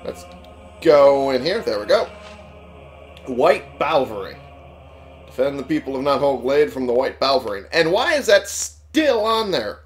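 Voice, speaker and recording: A man's voice: mid-range voice, big pitch swings, unhurried, faint music behind. A man giving casual let's play commentary, sarcastic and swearing as he talks back to game characters. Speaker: gamer playing on a channel.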